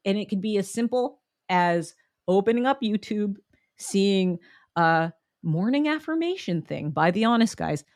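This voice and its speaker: A woman's voice: medium pitch, lively intonation, unhurried, darkish tone, no echo, clean studio sound. A young woman hosting a solo motivational podcast, upbeat and chatty, encouraging her listeners and often breaking into laughs. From United States. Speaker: podcast host.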